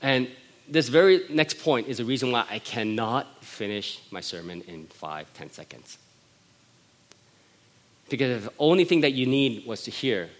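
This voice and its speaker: A man's voice: mid-range voice, big pitch swings, normal speed. A middle-aged man, a pastor, preaching a sermon in a conversational style, telling family stories with frequent laughs.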